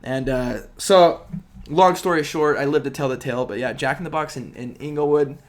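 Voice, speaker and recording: A man's voice: on the high side, brisk. A man co-hosting a podcast in loose, slangy casual chat, often calling his brother dude. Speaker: podcast co-host.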